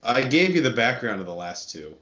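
A man's voice: medium pitch, very animated, brisk, sharp tone. A man co-hosting a podcast in casual chat, handing out movie recommendations in a wry, bossy, sarcastic way. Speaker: podcast co-host. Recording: muffled lo-fi podcast audio.

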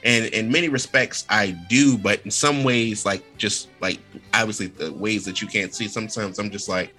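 A man talks in an easy, reflective way as co-host of a casual chat. His voice sits a little low yet sounds bright and forward. Soft music plays faintly behind him. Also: moderate pace. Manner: relaxed storyteller, reflective. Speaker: podcast co-host.

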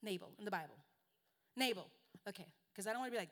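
A woman's voice: mid-range voice, lively intonation, quick pace, bright, forceful tone. A woman who is a native Spanish speaker, preaching a sermon as a guest speaker in an earnest, conversational, self-deprecating way.

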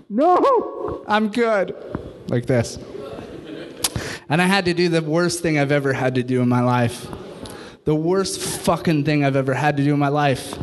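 A man's voice: a little high, noisy background. Profane man doing stand-up. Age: 30s. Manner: animated, profane, acts out quotes. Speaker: stand-up comedian. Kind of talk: stand-up storytelling. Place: comedy club stage with audience.

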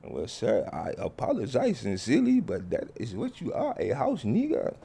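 A man's voice: medium pitch, wildly swooping pitch, normal speed, vocal fry, dark tone, breathy edge, pitched below the performer's own voice, full character voice. A man voicing a timid, overly polite man who speaks with stiff formality in a comedy skit. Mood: meek. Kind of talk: comedy skit with character voices.

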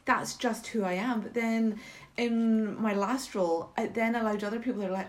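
A middle-aged woman from Britain, a mentor chatting casually and telling self-mocking stories in a lively way. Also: fairly high pitch, a little fast. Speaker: guest mentor. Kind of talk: casual chat.

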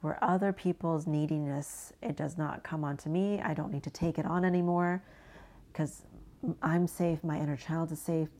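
Low, mellow soft-spoken woman. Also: vocal fry. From New England. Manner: soft, slow and soothing, often dropping to a hushed near-whisper. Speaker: inner child and energy work guide. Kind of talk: guided inner child visualization talk.

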